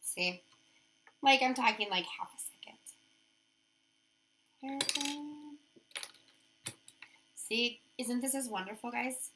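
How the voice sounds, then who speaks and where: A woman's voice: high-pitched, takes it slowly, long pauses, sharp tone. A woman giving a chatty, upbeat how-to demonstration of nail wraps, talking her steps through as she works. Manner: chatty, upbeat, thinks aloud while working.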